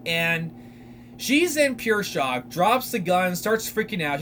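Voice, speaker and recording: Man, young adult, podcast host, lively swooping delivery, casual rambling film recap. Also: high-pitched, takes it slowly, a little hiss or hum. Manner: animated, rambling retelling with many fillers.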